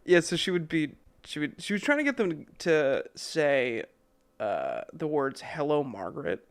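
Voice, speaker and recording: A man's voice: a little high, unhurried. A man co-hosting a podcast, telling a story in casual chat with lots of fillers and chuckles. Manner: relaxed, many fillers and chuckles. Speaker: podcast co-host.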